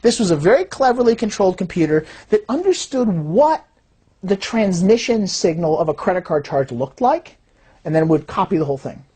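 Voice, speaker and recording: Husky-voiced woman giving a lively explanatory talk and acting out the voices she quotes. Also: fairly low pitch, normal speed. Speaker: fraud detection systems designer.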